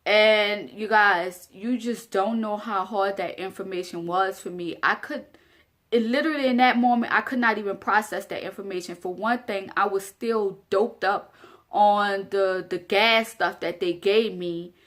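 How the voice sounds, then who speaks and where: A woman's voice: mid-range voice, measured pace, fairly bright tone. A young woman vlogger telling a personal story straight to her viewers in a casual, earnest way, often repeating phrases for emphasis.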